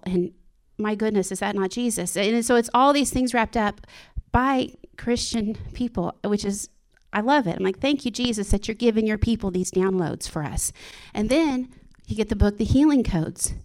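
An earnest woman gives an informal sermon to her church, talking personally and openly. She laughs often, breaks off and restarts her sentences, and her voice sits at an ordinary middle pitch. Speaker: church speaker sharing a devotional.

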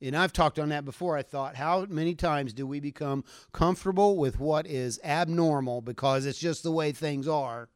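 A man preaching a sermon, retelling a scripture story with animated delivery and acting out the voices of the people in it. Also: a little high, normal speed, few pauses, clear, resonant tone, no room sound, clean studio sound. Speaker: pastor.

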